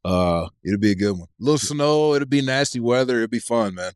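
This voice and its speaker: A man from East Tennessee chats as a podcast guest, an animated storyteller with plenty of profanity. His voice sits mid-range. The recording is dry. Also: mid-range voice, brisk, clean tone, no echo. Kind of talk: casual chat.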